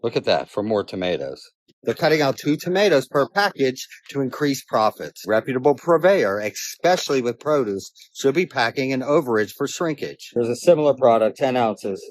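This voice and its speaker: A man's voice: mid-range voice, animated, normal speed, dry recording. A man testing product weights in a video, matter-of-fact as he counts out readings.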